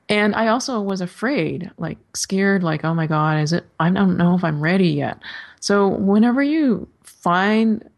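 A woman's voice: fairly low pitch, animated, measured pace. A woman guest in an interview, telling her story casually and acting out her own inner voices with animation. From California. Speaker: author guest.

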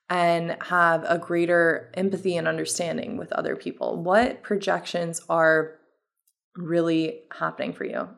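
Casual and reflective, a health coach talks alone on her podcast, her voice somewhat low with a noticeable fry. She relies heavily on "um" and "like" while sorting out her thoughts in this relaxed monologue.

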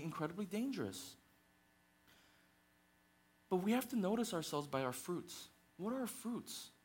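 Male pastor, slightly high voice, passionate sermon with fillers, climbs to intense peaks. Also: slightly rough. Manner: passionate, rising to near-shouting intensity; conversational with many fillers and restarts.

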